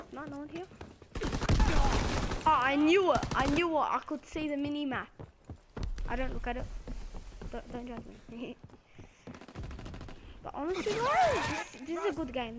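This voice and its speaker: A woman commentating her own gameplay, excitable, with playful trash talk and sudden outbursts, game music and gunfire behind. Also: high-pitched, moderate pace, pauses often, noisy background. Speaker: gaming video creator.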